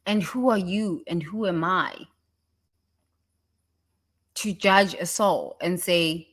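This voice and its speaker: A woman giving a casual motivational talk, animated and laughing often, breaking into mocking impressions. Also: slow pace. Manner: animated, laughs often, mimics others in high voices. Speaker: self-help speaker.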